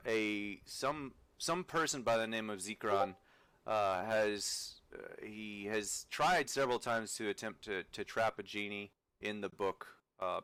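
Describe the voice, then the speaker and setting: A man narrating a tabletop game as game master, halting and full of fillers. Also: on the low side, fairly bright tone, clear, resonant tone, no echo, rough recording. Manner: halting, many fillers and restarts.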